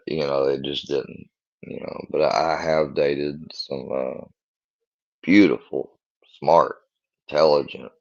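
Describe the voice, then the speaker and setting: A man live streaming from home in a casual chat, talking in a halting way as he searches for his words, on dull lo-fi stream audio. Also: a bass voice, a little mellow, no echo.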